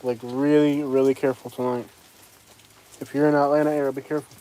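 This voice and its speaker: A man's voice: medium pitch, level tone, fast talker, warm tone. A man chatting casually and rambling to livestream viewers from outdoors in the rain. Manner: rambling, talks straight to chat viewers. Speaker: livestream host. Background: rain falling.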